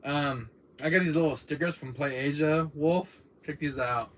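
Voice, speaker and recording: A man's voice: a little high, moderate pace, slight background noise. A man hosting a gaming stream, chatting casually and rambling with many fillers and frequent laughter. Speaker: gaming channel host.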